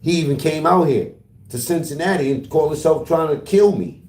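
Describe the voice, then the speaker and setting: A man's voice: on the high side, brisk, darkish tone, roomy sound. A man livestreaming in casual talk to his chat, taunting and profane as he trash-talks.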